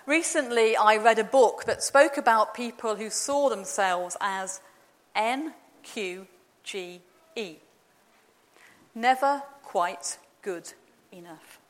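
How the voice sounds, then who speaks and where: A woman preaches in a measured, gentle, reflective way. Her voice sits a little high for a woman and carries a long hall reverb. The sound is a church sermon in a large resonant space.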